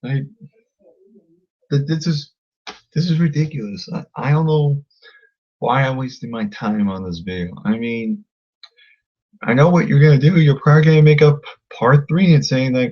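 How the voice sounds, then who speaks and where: A man's voice: mid-range voice, expressive, moderate pace, pauses often, highs cut off. A man ranting angrily at a critic, combative and insulting, often repeating himself. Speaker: vlogger. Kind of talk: angry rant to camera.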